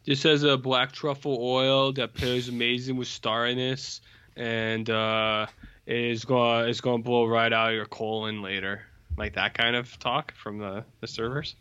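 A man with a bright voice trades dry, deadpan jokes in a casual chat. His audio sounds a little dull and muffled. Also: medium pitch, a little slow, clear, resonant tone.

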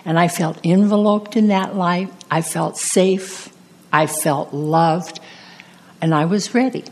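Slow, low-voiced woman preaching. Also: darkish tone. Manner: slow, earnest personal testimony. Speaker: pastor. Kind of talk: sermon.

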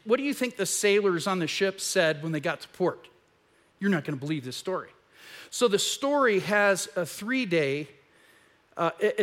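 A man preaching a conversational sermon as pastor in a church, telling a story with animated retellings. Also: high voice. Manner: animated storytelling, acts out quoted voices.

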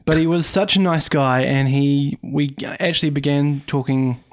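A man co-hosting a podcast, telling a story in an animated, self-deprecating way. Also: fairly high pitch, moderate pace. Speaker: podcast co-host. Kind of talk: casual storytelling.

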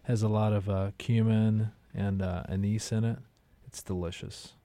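A man's voice: fairly low pitch, fairly even intonation, moderate pace, dark tone, no room sound. A man, a chef and restaurant owner, chatting casually as a guest in rambling, laid-back stories. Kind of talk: casual conversation.

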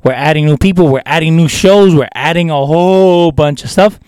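An older man co-hosting a podcast in loose, animated casual chat, swearing freely and tossing in Spanish phrases. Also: a little high, fairly quick, smooth, dry recording. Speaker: podcast co-host.

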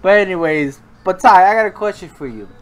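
A man hosting a casual podcast with friends. He laughs loudly and swears often. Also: sits high, lively intonation, a little fast. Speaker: podcast host. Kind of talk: casual chat among friends.

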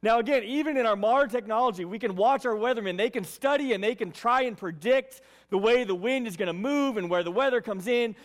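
A man's voice: very high-pitched, fairly quick, hardly any pauses. A man preaching a conversational sermon, reading scripture and often checking in with "right?" and "okay". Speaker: pastor.

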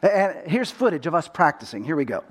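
This sermon comes from a middle-aged male pastor from Texas whose high voice has a sing-song lilt and a brisk pace, with background noise audible. Telling his story with earnestness, he often doubles the first word of a phrase.

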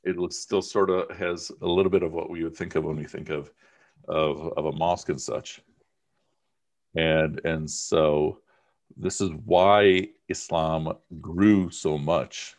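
Male teacher with an extremely low, deep voice, chatty and emphatic in class. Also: little pitch movement, unhurried, a little mellow. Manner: conversational, emphatic, uses many fillers. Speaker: religion teacher. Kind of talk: informal class discussion.

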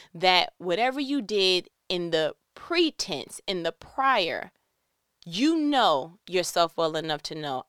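A woman preaching a conversational sermon, animated and asking her listeners pointed rhetorical questions. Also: fairly low pitch, clean tone, no room sound, clean studio sound.

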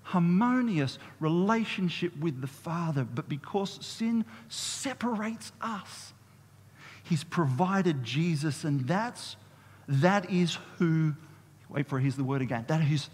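A man preaching a sermon as a pastor, in a lively, conversational way, drawing the congregation into call-and-response. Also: on the high side, slow pace, slightly rough. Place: church hall. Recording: long reverb of a church hall.

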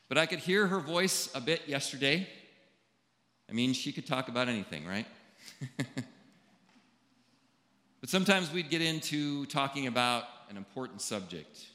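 A man, a pastor, giving a funeral sermon in a slow, deliberate delivery with long pauses. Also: mid-range voice, sharp tone. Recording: echoey hall with long reverb.

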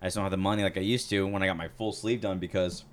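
A man's voice: low voice, steady tone, rapid-fire, slight background noise. A young man with a slight lisp, chatting casually and telling stories with lots of fillers and restarts. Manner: rambling, storytelling with many fillers and restarts. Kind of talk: casual chat.

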